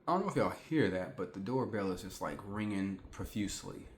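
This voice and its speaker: A man's voice: low-pitched, lively intonation, a little fast, a little hiss or hum. Guy in his 40s just chatting to the camera at home, casual, rambly, room's pretty echoey. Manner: chatty, repeats himself, talks straight to viewers. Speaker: vlogger. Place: indoors at home. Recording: echoey room.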